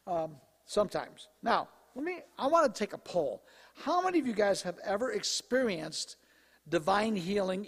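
A male pastor preaching a sermon in a conversational, animated way, his voice slightly hoarse. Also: high voice, in a large hall. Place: church sanctuary.

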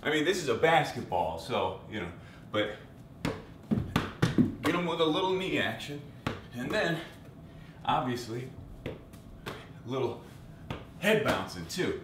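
A man's voice: medium pitch, big pitch swings, unhurried, long pauses, reverberant, noisy background. A man in his thirties chatting casually for a family vlog, self-mocking and rambling, out of breath at times. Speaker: vlogger. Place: home photo studio room.

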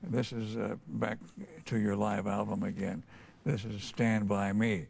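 A man hosting an interview, asking relaxed prompting questions. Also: fairly low pitch, a little slow, gravelly, husky. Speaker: interview host.

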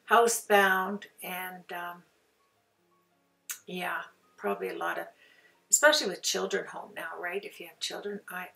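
A woman's voice: lowish voice, vocal fry, pushed and bright, far from the mic. An older woman chatting casually through a card-making tutorial, rambling and sometimes dropping to a near-whisper.

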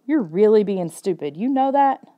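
A woman's voice: a little high, big pitch swings, normal speed, narrow, tinny audio, pitched above the performer's own voice. A woman voicing a bossy girl who scolds her brother in a storybook reading. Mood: scolding. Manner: bossy, lecturing. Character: scolding girl, the narrator's sister.

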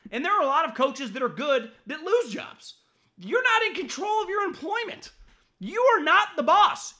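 Hosting a sports podcast, this man is blunt and foul-mouthed, tripping over restarts while sharing his views. When ridiculing critics, he switches to a high-pitched shout.

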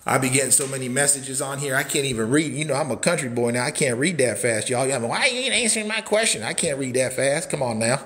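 A man in his forties giving a casual walkthrough of a prefab cabin, folksy and hyped up, shouting catchphrases and whooping between points. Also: medium pitch, fairly even intonation, fast, few pauses. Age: 40s. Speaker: cabin seller and social media host.

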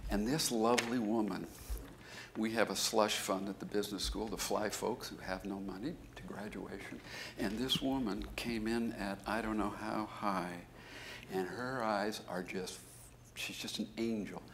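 A man, a business school professor, giving a conference keynote as an animated storyteller who jumps into high, emphatic bursts. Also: measured pace, background noise.

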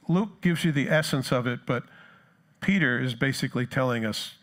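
Speaking at a moderate pace with a medium-pitched voice, a pastor from New Jersey preaches in his local accent. He's conversational and self-deprecating, and he acts out the disciples' cries.

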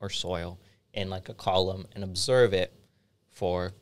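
A man's voice: sits low, fairly even intonation, a little slow. A young man co-hosting a podcast, chatting casually in a studio and telling a story with frequent laughs. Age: young adult. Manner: laid-back storytelling, laughs often. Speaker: podcast co-host. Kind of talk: casual chat.

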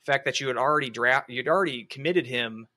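A man's voice: medium pitch, fast, bright, forceful tone. A man co-hosting a sports podcast, talking through recruiting in a casual, analytical way with frequent restarts. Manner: analytical, hedging with many restarts. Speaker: podcast co-host.

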